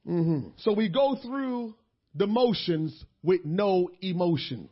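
High-voiced preacher man, shouting sermon. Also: lively intonation, slow pace, slightly rough, muffled recording. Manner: impassioned preaching, swelling to shouts. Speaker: pastor.

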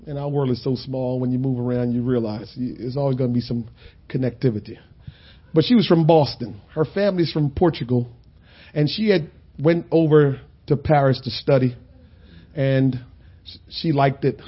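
A man preaching a sermon in a conversational, storytelling way that builds to loud, shouted points. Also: mid-range voice, normal speed, slightly rough, muffled recording.

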